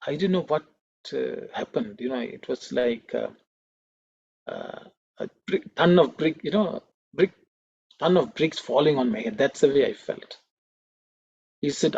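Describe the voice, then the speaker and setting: A man's voice: fairly high pitch, expressive, normal speed, gravelly, long pauses, darkish tone, husky, dull audio. A man giving an earnest, emotional talk at a devotional gathering, telling a personal story with many fillers.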